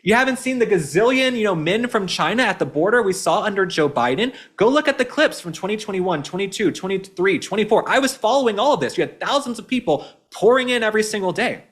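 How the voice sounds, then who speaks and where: A man from Texas hosting a political commentary show, talking in an animated, mocking and indignant way. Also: sits high, quick pace, few pauses. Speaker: host.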